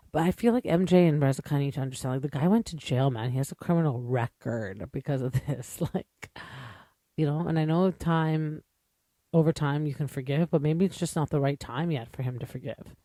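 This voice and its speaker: A man with a warm, medium-pitched voice hosts a podcast in a dry recording. His first language is English, and he gives a chatty, opinionated recap peppered with asides and fillers.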